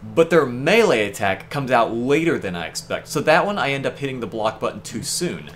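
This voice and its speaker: A man playing a video game and chatting about it, animated and rambling, quick to exclaim. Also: medium pitch, slight background noise. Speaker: player and co-host. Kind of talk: let's play commentary.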